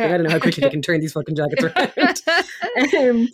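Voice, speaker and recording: A woman's voice: lowish voice, big pitch swings, fast. Laughing woman recapping a show. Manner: laughs often, acts out quotes in voices. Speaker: podcast co-host. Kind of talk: casual recap chat.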